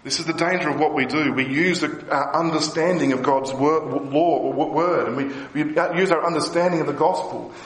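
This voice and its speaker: A man preaching a sermon as pastor, lively and emphatic. He voices the people he quotes with a rising pitch. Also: normal speed, hardly any pauses, roomy sound, slight background noise, low-quality recording.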